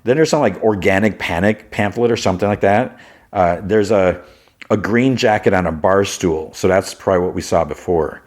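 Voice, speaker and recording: Low-voiced guy doing a laid back podcast recap, says like and you know a lot. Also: moderate pace. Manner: chatty, peppered with "like" and "you know". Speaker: podcast host. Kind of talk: casual TV episode recap.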